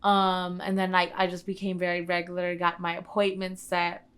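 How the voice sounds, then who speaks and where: Young woman telling her story flatly. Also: on the low side, normal speed. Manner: casual, uses many "like" fillers; relives scenes by acting out quoted dialogue. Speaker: client giving a testimonial. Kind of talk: personal storytelling.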